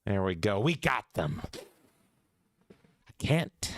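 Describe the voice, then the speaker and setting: A man's voice: deep voice, very animated, slow pace, pauses often, fairly bright tone. Goofy theatrical podcast guy. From Canada. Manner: goofy, theatrical, bursts into shrieks. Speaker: podcast co-host. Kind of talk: casual chat.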